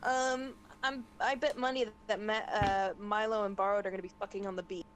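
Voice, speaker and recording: A woman's voice: medium pitch, steady tone, fairly quick, slight background noise, rough recording. A woman playing a tabletop role-playing game, chatting casually and teasing the other players. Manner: playful, teasing, breaks into song.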